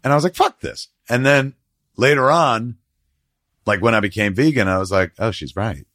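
A middle-aged podcast host rambles through stories in casual chat, swearing freely and acting out what others said in lively quoted voices. His voice is medium-pitched at normal speed, recorded clean in a studio with no room sound.

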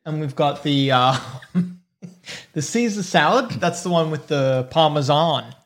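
A man's voice: fairly high pitch, slow. A man voicing a burly, easygoing male country cafe owner with an Australian accent and a folksy drawl.

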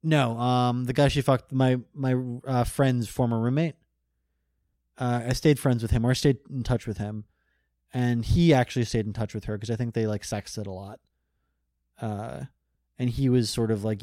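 A man's voice: medium pitch, fairly even intonation, moderate pace, warm tone, no echo, clean studio sound. A man telling a personal story in casual chat as a guest, rambling, restarting sentences and laughing often.

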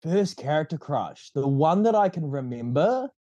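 Laid-back young New Zealand man, lively voice. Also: on the high side, normal speed, dry recording, lo-fi sound. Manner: laid-back, rambling, laughs often. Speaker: podcast guest. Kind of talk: casual chat.

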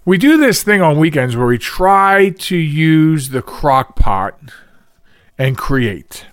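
A man's voice: fairly high pitch, sing-song, takes it slowly, smooth, no echo, clean studio sound. A man from the Philadelphia area hosting a podcast alone, chatting casually in a rambling way, often restarting his sentences and laughing at himself. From Philadelphia region. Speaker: podcast host. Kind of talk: casual solo podcast chat.

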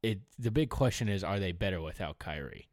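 Man cohosting a sports chat, lively swinging pitch, dry close sound, jumps between mumbling and excited outbursts. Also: fairly quick, dry recording. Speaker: podcast co-host.

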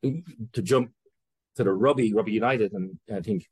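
An Irish man speaks as an interview guest, his voice low and a little husky. He wanders and restarts his thoughts, dropping the odd swear word. The sound is close and dry. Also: moderate pace, a little mellow, no room sound. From Ireland. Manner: rambling, self-interrupting, candid with casual swearing. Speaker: guest entrepreneur. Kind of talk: conversational interview.

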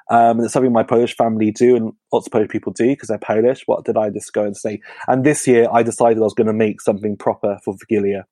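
A man's voice: mid-range voice, mellow, dry recording. A British man, a guest comedian, chatting casually on a podcast, rambling with lots of ums and self-deprecating asides.

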